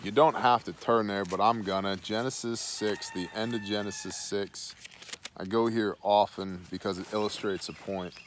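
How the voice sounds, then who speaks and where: A man's voice: lowish voice, fairly even intonation, normal speed, slight background noise. A man hosting a Bible study, reading scripture aloud and then dropping into slangy, casual asides.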